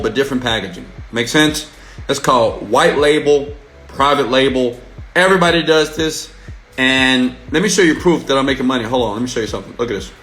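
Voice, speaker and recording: A man hosting a screen-share tutorial on making money online, hyped and playful, repeating points slowly for emphasis. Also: on the high side, fairly bright tone, roomy sound. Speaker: online marketing vlogger.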